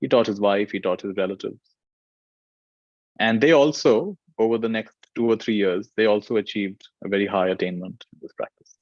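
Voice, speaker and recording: A man teaching meditation, telling a story in a gentle, unhurried way with frequent fillers. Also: on the low side, dry recording, dull audio. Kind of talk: storytelling dharma talk.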